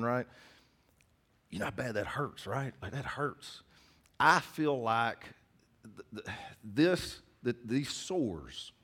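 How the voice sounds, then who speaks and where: A man preaching a sermon in a folksy, conversational way, often putting questions to his congregation. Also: on the low side. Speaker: pastor.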